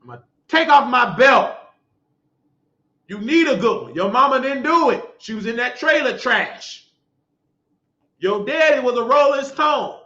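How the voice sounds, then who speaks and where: A man's voice: very high voice, animated, unhurried, long pauses, bright, forceful tone. A middle-aged man hosting a talk show, delivering a scolding, mocking, preachy rant. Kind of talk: ranting monologue. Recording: echoey lo-fi room sound.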